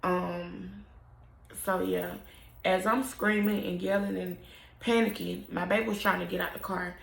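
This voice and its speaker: Gravelly woman, halting and emotional. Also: lowish voice, fairly even intonation. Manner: halting, emotional, often trailing off. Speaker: mother telling her story. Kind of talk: personal storytelling to camera. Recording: roomy echo.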